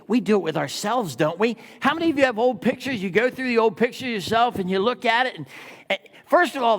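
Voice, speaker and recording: A man's voice: extremely high pitch, a bit bright. A man in his sixties preaching a sermon as pastor, telling stories and asking the congregation rhetorical questions. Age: 60s. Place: church sanctuary. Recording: long reverb of a church hall.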